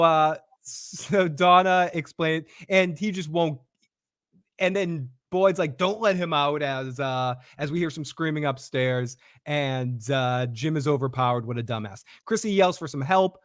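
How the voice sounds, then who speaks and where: A man co-hosting a casual show recap, talking fast with fillers and acting out lines from scenes. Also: on the high side, dry recording, studio quality. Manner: animated, acts out quotes, frequent fillers. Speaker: podcast co-host recapping a TV episode.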